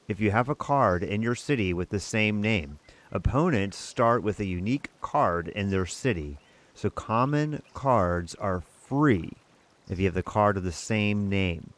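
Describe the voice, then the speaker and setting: A man's voice: on the low side, no room sound. A man hosting his own gaming channel, chatting casually and rambling while he plays a board game adaptation. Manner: chatty, rambling, self-amused. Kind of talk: casual let's-play commentary.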